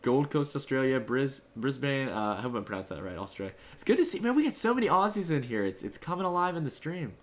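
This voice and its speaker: A man's voice: medium pitch, sing-song, fast, hardly any pauses. A man hosting a live stream, answering his viewers' chat messages in a casual, upbeat, rambling way. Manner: loose, rambling delivery with fillers and restarts. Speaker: livestream host.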